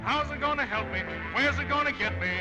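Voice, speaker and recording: A man singing as a cheerful working man in a 1930s film musical number, crooning slowly and heartily. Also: very high voice, highs cut off, music in the background. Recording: old 1930s film soundtrack with loud orchestra.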